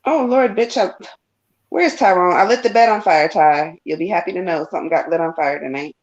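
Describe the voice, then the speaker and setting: A woman's voice: on the low side, a little fast, darkish tone, muffled recording. A woman co-host chatting casually on a live stream, joking and profane. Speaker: co-host medium. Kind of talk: casual chat.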